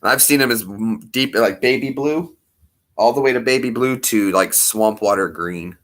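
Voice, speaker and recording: A man's voice: mid-range voice, moderate pace. A man in his thirties hosting a casual livestream, rambling playfully and talking to viewers by name. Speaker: livestream host.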